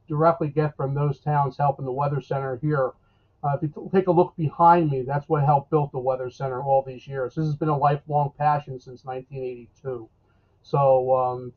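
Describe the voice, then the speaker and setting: A man, a local weather forecaster talking casually in a live interview, rambling and folksy with lots of fillers and restarts. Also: mid-range voice. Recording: tinny phone-like line.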